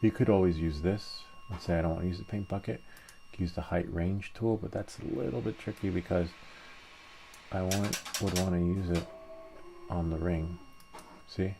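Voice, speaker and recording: Low gravelly-voiced man explaining software. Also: moderate pace, noisy background. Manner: relaxed, thinks aloud step by step while working. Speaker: 3D printing tutorial host. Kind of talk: casual screen-share tutorial narration.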